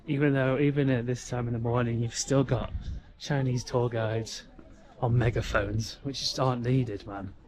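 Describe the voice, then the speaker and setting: A man's voice: medium pitch, fairly even intonation, moderate pace, a little mellow. A man talking casually to camera, explaining travel plans while walking through a mountain park. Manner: chatty, conversational, explains plans as he walks. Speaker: travel vlogger. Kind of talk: casual travel vlog narration.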